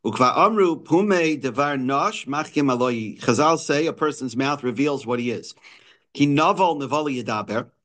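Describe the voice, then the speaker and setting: A man's voice: mid-range voice, expressive, normal speed, fairly bright tone. A man giving a daily Torah text lesson, reading lines and explaining them in English frequent restarts and fillers. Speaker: Torah teacher.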